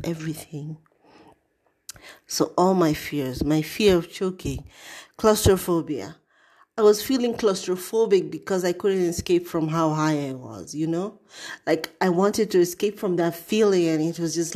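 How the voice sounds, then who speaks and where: A middle-aged woman hosting a podcast, telling a story in a casual, expressive way, with dramatic asides and free swearing. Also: on the low side, normal speed. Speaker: podcast host.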